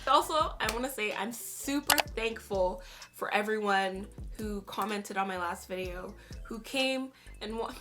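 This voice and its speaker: A woman's voice: mid-range voice, a little slow, music in the background. A young woman hosting a casual reaction vlog, telling a personal story in a chatty way with many fillers. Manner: chatty, storytelling, heavy use of "like". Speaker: YouTube reaction host.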